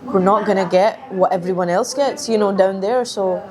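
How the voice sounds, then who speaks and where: A woman's voice: medium pitch, moderate pace, crowd noise. A woman from Pakistan, a podcast guest chatting casually, frank and opinionated, often restarting her phrases. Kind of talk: casual chat.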